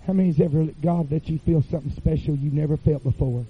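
A man preaching a revival sermon in a church, chanting phrases with "uh" fillers and rising to shouts. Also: a little high, fast, hardly any pauses, husky, phone-quality sound.

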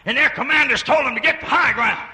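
An older preacher delivers a folksy sermon, his voice high and piercingly bright. He swings from hollered shouts down to hushed murmurs. The sound rings with the long reverb of a church hall. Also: fast talker.

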